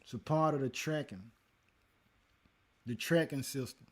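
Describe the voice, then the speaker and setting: A man hosting a livestream who reads and answers his chat in a relaxed, casual way and teaches from scripture with growing emphasis. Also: medium pitch, unhurried. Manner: laid-back, talks to the chat, calls listeners man and y'all.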